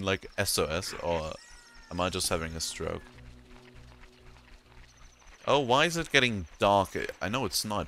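Man, deep voice, bright tone, excitable, profane, casual gameplay commentary. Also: a little hiss or hum. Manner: excitable, swears a lot, laughs often. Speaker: let's play gamer.

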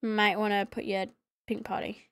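A woman's voice: mid-range voice, flat delivery, normal speed, creaky, a bit bright, no echo. A woman playing a video game on a live stream, defensive and easily flustered when she is corrected. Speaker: guest streamer. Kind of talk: live gameplay chat.

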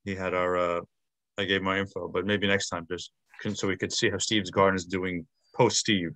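Man, low and dry, hosts a video call, halting, many "uh"s. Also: little pitch movement, bright, forceful tone, no room sound. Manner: hesitant, with frequent fillers and restarts. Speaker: meeting moderator. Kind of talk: casual video-call chat.

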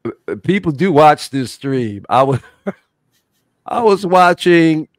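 A man talks on a livestream with a fairly high, very lively voice that swings up and down as he gets excited. The sound is dry and close, with no room around it. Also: slow pace, dry recording. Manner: animated, enthusiastic storyteller. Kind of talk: casual livestream chat.

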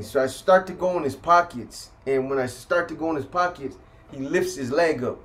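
A man telling a rough story in casual, profane street slang, reenacting the people in it as he goes. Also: a little high, moderate pace. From California. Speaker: storyteller recounting prison life.

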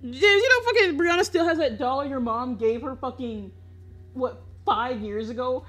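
A woman's voice: high-pitched, moderate pace. A young woman chatting casually on a live stream while she draws, laughing often, swearing freely and teasing her viewers.

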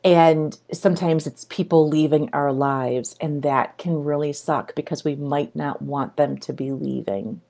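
Animated middle-aged woman talking to camera. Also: low-pitched, measured pace, vocal fry, hardly any pauses. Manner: animated, breaks into excited exclamations. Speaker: video creator and coach. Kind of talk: casual talk to camera.

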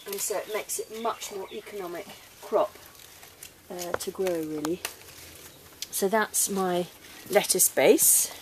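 An enthusiastic English woman talks through her gardening in a relaxed how-to style, with easy fillers. She is recorded outdoors from a little way off the mic. Birdsong and rural ambience are clearly heard behind her. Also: medium pitch. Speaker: gardening presenter. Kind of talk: casual how-to demonstration. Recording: distant mic outdoors with background noise.

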